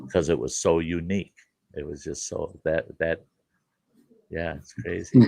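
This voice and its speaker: A man's voice: very deep voice, steady tone, moderate pace, gravelly, a little mellow, slightly rough, dry recording, studio quality. A middle-aged man hosting a show and telling a rambling childhood story in a folksy, casual way. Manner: folksy, rambling, with fillers like "you know". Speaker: host and storyteller.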